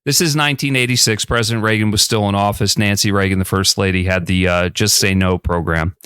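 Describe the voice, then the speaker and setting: Male host, 50s, lower register, dry close mic, conversational storyteller. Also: fairly quick, clear, resonant tone, no echo. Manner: relaxed, chatty storyteller with frequent restarts. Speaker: podcast host.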